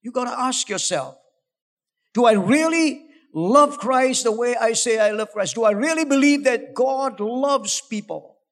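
A high-pitched male pastor preaches with urgency, swinging between coaxing lows and near-shouted peaks. His voice rings through a church hall with a long, lingering reverb. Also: a little slow. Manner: urgent, exhorting, rising to shouts, coaxing the congregation. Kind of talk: sermon.

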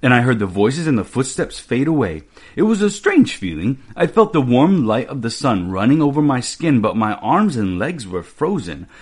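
A man voicing a gentle dragon in a read-aloud storybook, speaking slowly and wonderingly. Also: medium pitch, breathy edge. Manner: slow and wondering. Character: gentle, slow-thinking dragon.

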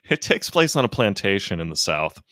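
Sarcastic low-voiced male podcast co-host. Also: big pitch swings, normal speed, a bit bright, no echo, studio quality. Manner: sarcastic, exaggerated mock praise; frequent restarts and repeated words. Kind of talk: casual chat.

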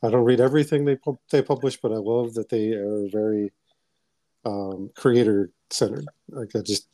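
A man hosting a casual interview podcast, eager and halting as he talks. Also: fairly low pitch, fairly even intonation, warm tone, no room sound. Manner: eager, halting, keeps saying awesome. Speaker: podcast host.

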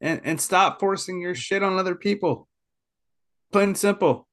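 A man's voice: high voice, normal speed, fairly bright tone. A man co-hosting a podcast, chatting casually in short, plain sayings. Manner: easygoing, speaks in short plain maxims. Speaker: podcast co-host. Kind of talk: casual chat.

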